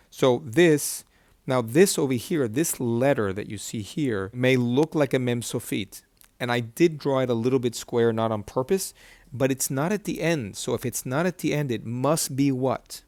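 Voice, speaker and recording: A male Hebrew teacher walks students through a reading lesson at a board. He repeats key terms and keeps asking checking questions. His voice is mid-pitched and recorded dry, with no room echo. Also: normal speed, a little mellow. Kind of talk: whiteboard lesson.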